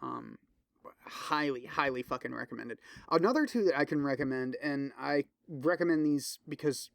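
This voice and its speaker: With a fairly high, creaky, expressive voice at a moderate pace, this podcast host chats alone in a casual, profane ramble packed with fillers and restarts. He eagerly recommends things, and the recording is clean studio sound without echo.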